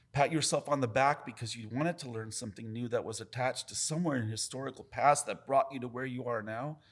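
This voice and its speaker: Emphatic, profane tattoo veteran. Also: male voice, mid-range voice. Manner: profane, emphatic, talks with his hands about craft. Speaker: tattoo artist guest. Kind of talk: casual podcast storytelling.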